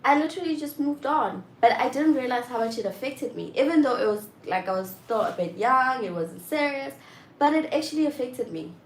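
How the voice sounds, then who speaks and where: A young woman chatting candidly and frankly, often getting loud and exasperated as she makes her point. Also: sits high, expressive, a little fast. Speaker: vlogger. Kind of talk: candid casual chat. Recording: roomy echo with faint background noise.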